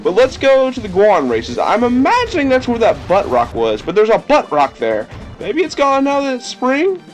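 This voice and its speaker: A man's voice: very high-pitched, huge pitch swings, moderate pace, soft background music. A young man casually commenting on a video game, goofy and playfully sarcastic. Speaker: let's play host.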